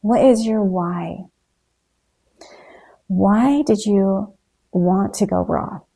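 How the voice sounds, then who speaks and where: A woman's voice: mid-range voice, extremely slow, gravelly, warm tone. A woman talking in a motivational vlog, earnest and encouraging as she addresses her viewers. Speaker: raw food vlogger.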